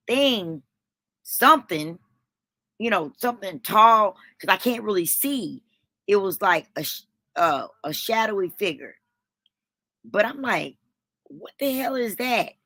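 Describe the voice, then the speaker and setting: Casting: a lowish, bright-voiced woman vlogger, dramatic storyteller with salty language. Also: dry recording. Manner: dramatic, swears freely, talks to viewers as "honey". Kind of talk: animated storytelling.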